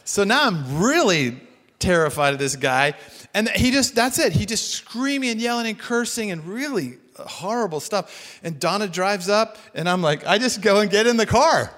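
High-voiced man preaching in a hall. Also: moderate pace. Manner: animated, self-deprecating storytelling with acted-out quotes. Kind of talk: storytelling sermon. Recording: long hall reverb.

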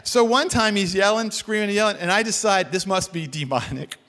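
A man telling a story in a sermon, animated and self-deprecating, acting out what people said. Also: high-pitched, brisk. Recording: long hall reverb.

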